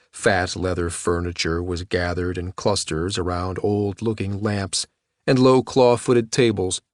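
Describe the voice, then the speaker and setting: In a dry recording with clean studio sound, a man with a low voice narrates an audiobook from a script.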